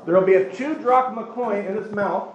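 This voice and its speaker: A man with a high voice teaches a Bible class to a live group. He is animated and conversational, slipping into quick voices of other people as he explains. The room is echoey, with steady noise behind him.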